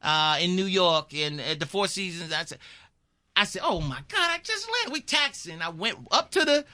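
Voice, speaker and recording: A comedian man telling animated stories in a radio interview, acting out voices and laughing often. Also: a little high, normal speed, no room sound. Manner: lively storyteller, acts out voices, laughs a lot. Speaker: comedian guest.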